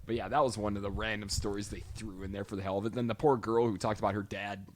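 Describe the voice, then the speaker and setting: A young man co-hosting a podcast, chatting casually and profanely about a movie and shouting out lines from it. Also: fairly low pitch, little pitch movement, fast, noisy background. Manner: profane, emphatic, mimics lines loudly. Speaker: podcast co-host. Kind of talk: casual film discussion.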